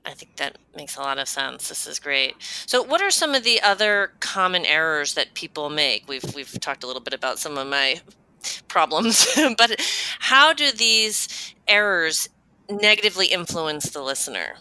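A woman's voice: sits low, very animated, normal speed, pushed and bright, clear, resonant tone, no echo. A woman hosting an interview, asking questions in a friendly, engaged and affirming way. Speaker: interview host.

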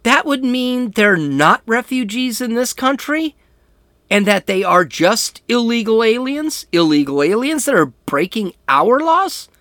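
A man's voice: very high voice, big pitch swings, a little slow, pushed and bright, no echo, studio quality. A man hosting a political talk show, giving blunt, combative and sarcastic opinion commentary.

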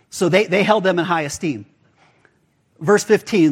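A man's voice: sits high, normal speed, breathy edge. A man pastor giving a casual, conversational sermon, full of rhetorical questions to the congregation.

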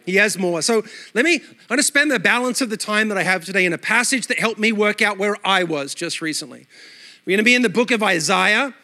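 A man from Australia with an accent part Australian, part American, preaching a lively, conversational sermon to his congregation and asking them questions. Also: high voice, brisk. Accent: Australian with some American. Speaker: pastor. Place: church sanctuary.

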